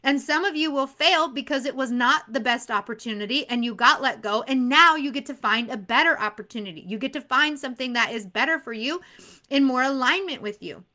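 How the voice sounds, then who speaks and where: A woman giving an energetic motivational talk to insurance exam students, laughing often and repeating phrases for emphasis. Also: sits high, brisk.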